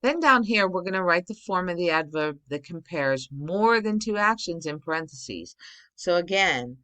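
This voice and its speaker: A woman's voice: lowish voice, expressive, moderate pace, sharp tone. A middle-aged woman teacher giving a recorded spelling and grammar lesson to children, explaining patiently step by step.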